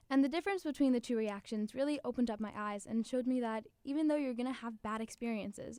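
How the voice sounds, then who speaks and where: A woman's voice: fairly high pitch, a little mellow, dry recording. A teenage girl hosting her own podcast, delivering a chatty, upbeat scripted monologue. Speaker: podcast host.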